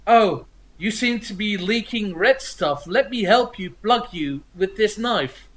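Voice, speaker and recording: A man's voice: high voice, expressive, unhurried, a bit bright. A man putting on the voice of an infantile psychopathic male killer who talks in a childlike, helpful way. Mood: eerily sweet.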